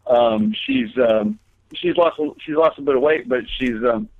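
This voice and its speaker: A man's voice: on the high side, sing-song, a little slow, gravelly. A man talking as a guest comedian in a casual interview, telling long rambling stories with many fillers and restarts. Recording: tinny phone line.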